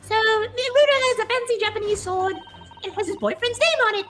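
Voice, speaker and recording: Brief: precocious smug girl sleuth in a game, a woman voicing her, very high and rapid. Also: a bit bright, soft background music.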